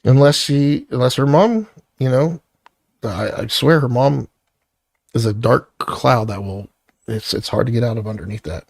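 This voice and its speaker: A man's voice: mid-range voice, normal speed, vocal fry, darkish tone, no echo, clean studio sound. A middle-aged man venting in a blunt, profane, irritated personal vlog rant. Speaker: vlogger.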